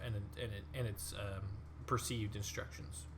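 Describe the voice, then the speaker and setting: A man's voice: lowish voice, fairly even intonation, unhurried, noisy background. A man narrating as dungeon master, rambling with fillers and frequent laughs. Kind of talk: narrating a tabletop game.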